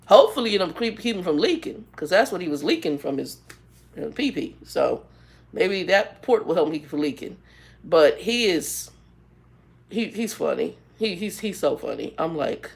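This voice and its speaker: Woman in her 50s, gravelly lowish voice, sarcastic storyteller just chatting. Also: very animated, moderate pace. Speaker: vlogger and ministry leader. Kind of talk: casual chat, storytelling.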